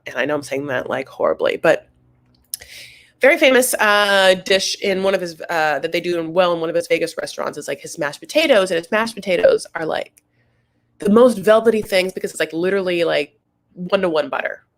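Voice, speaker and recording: A woman hosting a casual reality TV recap, gossipy and animated, calling her viewers "honey". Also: lowish voice, a little fast.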